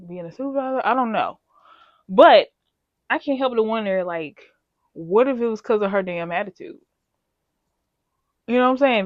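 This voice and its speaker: A woman's voice: mid-range voice, dry recording. A young woman rambles candidly through a storytime, swearing freely and packing her talk with filler. The recording is dull and lo-fi, and the room sounds dry and close. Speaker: vlogger telling a story. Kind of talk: casual storytime chat.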